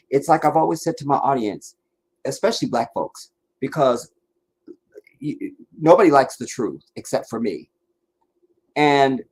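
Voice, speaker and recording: Sitting in front of a camera, a man hosts a live stream and responds to viewers' comments. He speaks bluntly and emphatically, sinking into low mutters, then climbing to insistent points.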